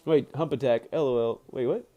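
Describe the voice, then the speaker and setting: A man streaming live, reading a book aloud and breaking off into casual chat at home with his dogs around, animated and quick to laugh, often correcting himself mid-sentence. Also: medium pitch. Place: home, with pet dogs nearby.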